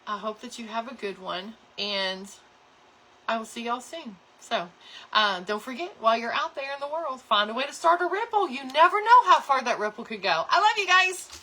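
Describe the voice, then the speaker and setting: A woman's voice: fairly high pitch, lively intonation, normal speed, bright, forceful tone. A woman hosting a live crafting tutorial, chatting cheerfully with viewers while she works. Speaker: craft channel host.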